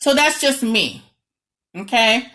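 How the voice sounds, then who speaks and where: A woman from New York with a New York accent, talking as a marriage coach in a lively, dramatic, sarcastic way and often checking in with "okay?". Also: fairly high pitch, slow. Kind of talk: direct-to-camera advice talk.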